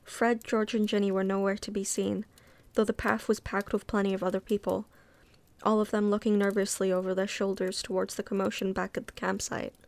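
A woman reading a novel aloud casually, relaxed and unpolished, sometimes stopping to comment. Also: medium pitch, a little fast, creaky, no echo. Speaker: reader.

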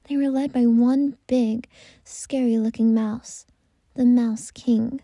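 A woman tells a bedtime story in a gentle, unhurried voice that often drops to a whisper. Her tone is deeply mellow and breathy, and pitched a little high. The sound is close and dry. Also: steady tone, no echo.

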